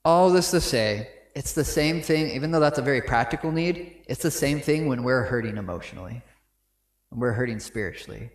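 A man's voice: mid-range voice, expressive, brisk, roomy sound. A man giving a sermon in a conversational way, often checking in with his listeners with asides. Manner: conversational, frequent "right?" asides. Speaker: pastor. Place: church sanctuary.

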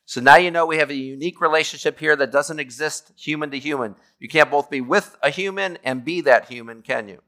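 A man's voice: on the high side, brisk, hardly any pauses, pushed and bright. A man teaching a theology class in a conversational way, reading scripture aloud and explaining it, often checking in with "okay?". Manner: reads scripture aloud, then explains it plainly. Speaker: Bible teacher.

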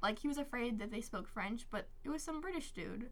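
A young woman guest rambles through a story on a podcast, full of "um" and "like". Her voice is fairly high and bright. She sounds casual and easygoing. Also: expressive, fairly quick. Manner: rambling, many "um" and "like".

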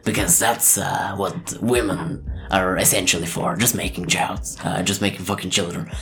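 A man's voice: low-pitched, fairly even intonation, normal speed, fairly bright tone, faint music behind. A man voicing a crude, mocking male demon sent from Hell, taunting and profane, sometimes dropping to a whisper.

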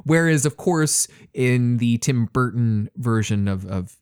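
A man's voice: medium pitch, animated, slow pace, a little mellow, smooth, dry recording. Male co-host, casual chatter, meandering and filler-heavy, dry close sound. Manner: rambling, many fillers and restarts. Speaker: podcast co-host. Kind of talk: casual podcast chat.

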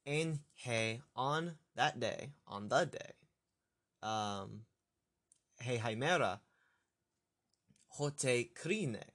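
Man, slow deliberate delivery, halting, thinking aloud while translating scripture. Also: medium pitch, expressive, a bit bright. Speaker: Bible study teacher.

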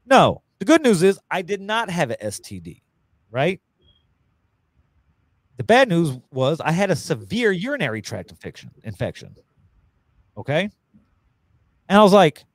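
A man's voice: on the high side, big pitch swings, moderate pace, long pauses, dry recording. A man casually telling a long crude story, full of swearing and voiced quotes.

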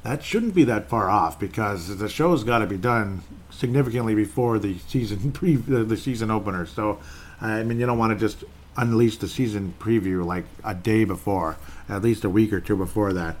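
A man with a fairly low voice hosts his own podcast alone, speaking at a moderate pace. His casual talk rambles conversationally, circling back and repeating itself.

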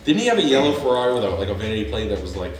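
A man in his thirties co-hosting a podcast, telling stories in a casual chat, animated and profane, often acting out salesmen. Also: lowish voice, racing. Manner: animated storyteller, lots of swearing, acts out salesmen. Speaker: podcast co-host. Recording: echoey room, mic at a distance, faint music.

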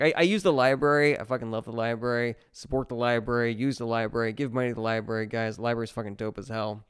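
A man's voice: medium pitch, steady tone, fast talker, few pauses, smooth. A man who is a stand-up comedian hosting a podcast, rambling through a profane, self-mocking casual monologue.

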